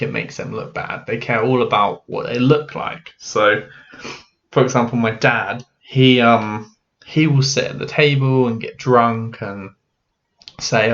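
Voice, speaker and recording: Frank man, halting and candid. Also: mid-range voice, a bit bright. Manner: frank, halting, with many "you know" and "um" fillers. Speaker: mental health vlogger. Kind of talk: candid personal talk to camera. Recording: dull lo-fi audio.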